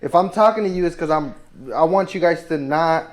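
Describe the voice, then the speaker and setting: Tipsy podcast host, slightly high voice. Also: male voice, brisk. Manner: big-brother advice, blunt, slangy. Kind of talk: casual podcast chat.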